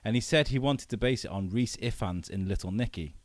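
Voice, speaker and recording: A man's voice: on the low side, a little fast, dry recording. A man talking casually as a voice actor on a podcast, rambling and chatty with frequent restarts.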